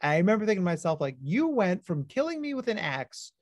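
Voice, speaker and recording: A man presenting an educational webinar as a clinical psychologist, talking with high energy. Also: sing-song, fast talker, a little mellow, no room sound.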